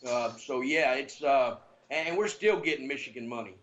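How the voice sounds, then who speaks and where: A man with a Southern American accent giving betting lines in casual sports talk, halting with many fillers. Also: medium pitch, fairly bright tone.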